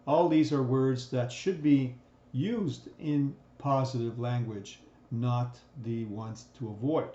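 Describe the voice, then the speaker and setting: A man's voice: mid-range voice, slow pace, dark tone. A man teaching a recorded lesson in a conversational way, often checking in with "right?" and restarting his sentences. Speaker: instructor. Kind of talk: recorded lecture on communication. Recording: roomy, dull sound.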